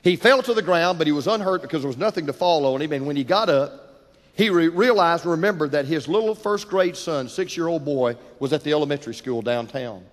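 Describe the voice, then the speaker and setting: A man preaching a sermon, telling a story dramatically, building intensity and dropping to hushed tones, in a church. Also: fairly high pitch, animated, fairly quick. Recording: long hall reverb.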